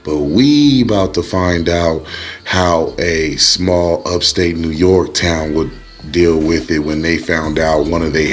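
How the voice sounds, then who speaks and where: A young man with a lowish voice tells a movie's story in loose, slangy, joking recap style. Soft music sits faintly underneath his narration.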